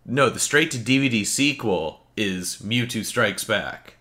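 A man's voice: lowish voice, animated, takes it slowly, sharp tone. A young man co-hosting a gaming podcast, teasing and eagerly retelling movie plots in casual chat. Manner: enthusiastic, teasing, detailed storyteller. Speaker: podcast co-host.

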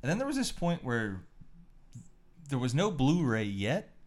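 A man co-hosting a podcast, telling rambling, animated stories in casual chat and swearing freely. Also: medium pitch, unhurried. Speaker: podcast co-host.

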